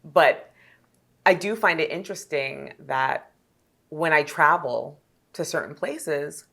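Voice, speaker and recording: A woman guest with a standard North American accent speaks in a podcast interview. Her voice sits somewhat low and stays thoughtful and direct. She comes across as articulate and candid. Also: takes it slowly, creaky, a bit bright. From Jamaica. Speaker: guest, travel journalist. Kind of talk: casual conversational interview.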